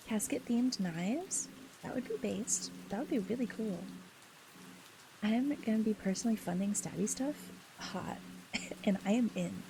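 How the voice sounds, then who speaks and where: A giggly, teasing woman talks casually with her livestream chat, playing up flirty, mock-possessive banter. Her voice sits in a middling range with a gravelly fry running through it. A steady hiss of background noise sits under the recording. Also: mid-range voice, a little slow. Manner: giggly and teasing, laughs often.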